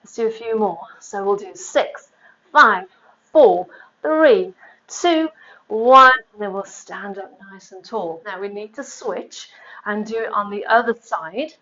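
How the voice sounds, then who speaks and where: In a home room with an exercise mat, a woman pilates instructor leads a live workout, counting reps aloud and chatting between exercises. Slightly out of breath, she speaks at a moderate pace in a mid-range voice. The sound is lo-fi.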